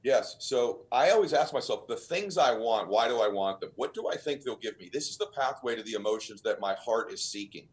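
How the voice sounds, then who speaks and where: A man's voice: mid-range voice, expressive, brisk, hardly any pauses. A man as a podcast guest, telling motivational stories in an earnest, emphatic, almost preacher-like way. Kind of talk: motivational storytelling.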